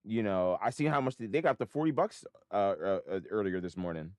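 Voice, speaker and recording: Man, very low pitch, dry recording, frustrated self-talk, swearing, loud then muttered. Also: expressive, brisk, no room sound. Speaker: options day trader. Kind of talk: casual talking to himself while trading.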